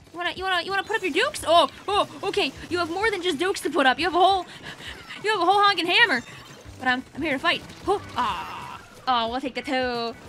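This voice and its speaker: High, bright, playful young woman streamer. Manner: playful, teasing, squealing and laughing often. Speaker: gaming streamer. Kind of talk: excitable gameplay commentary. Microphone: desk microphone.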